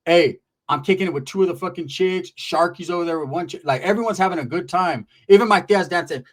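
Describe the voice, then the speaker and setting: A young man from California telling a profane comic story, animated and acting out voices. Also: sits high, fast, hardly any pauses. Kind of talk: comedic storytelling.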